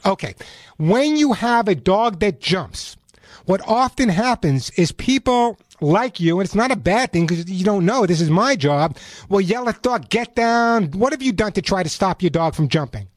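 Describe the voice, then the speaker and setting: A man's voice: high-pitched, lively intonation, normal speed, dry recording. A man hosting a call-in radio show on pets, chatting, telling stories and giving step-by-step advice. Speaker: radio show host, pet expert. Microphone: studio microphone.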